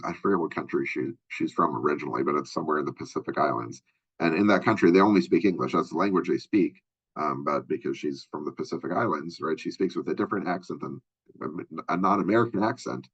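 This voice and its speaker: A man's voice: deep voice, fairly bright tone, slightly rough, highs cut off. A male college instructor giving a conversational recorded lecture, full of fillers and asides.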